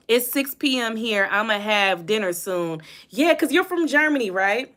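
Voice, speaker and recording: A young woman talks casually into her phone, greeting viewers by name and answering their comments. Her voice is bright and sits a little high, and she laughs easily between remarks. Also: animated, moderate pace, hardly any pauses. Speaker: host. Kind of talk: casual livestream chat.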